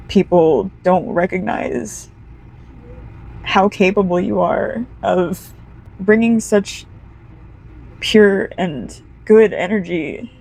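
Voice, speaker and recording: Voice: medium pitch, vocal fry, a little mellow, low-quality recording. A card reader giving a casual, heartfelt pick-a-card energy reading, talking straight to the viewer.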